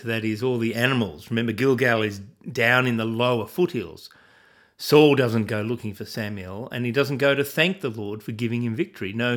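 A man's voice: medium pitch, a bit bright. Earnest man teaching from the Bible. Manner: asks listeners questions, earnest. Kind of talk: sermon-style Bible commentary.

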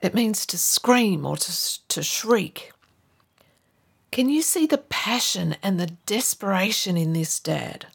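A woman's voice: mid-range voice, lively intonation, slow pace, gravelly, slightly rough. A woman pastor giving a sermon to her church, earnest and emphatic, acting out the people she quotes.

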